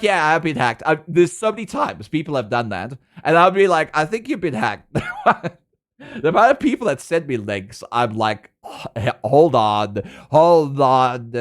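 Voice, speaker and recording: Young man, South African accent, streamer, casual playful chat, laughs a lot, animated, slightly high voice. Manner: chatty and giggly, laughs often, playful.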